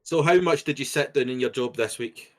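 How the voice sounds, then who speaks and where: A man's voice: medium pitch, brisk. A man co-hosting a casual podcast, ribbing his friend with dry banter. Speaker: podcast co-host. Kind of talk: casual chat.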